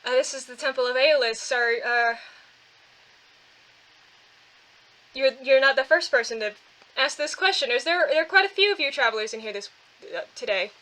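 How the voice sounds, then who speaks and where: A woman's voice: high voice, a little fast, bright, forceful tone, poor audio. A woman playing a courteous middle-aged temple keeper. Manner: polite, hesitant, courteous.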